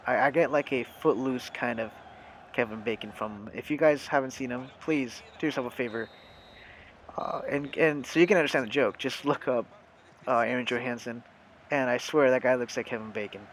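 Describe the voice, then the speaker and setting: A young man talks over his gameplay in a relaxed, chatty way, addressing viewers directly as he goes. His voice sits at an ordinary middle pitch, recorded on a desk mic for a voice-over. A faint hum of ambience sits behind him. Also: a little fast. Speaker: gaming channel host. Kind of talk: casual let's-play commentary.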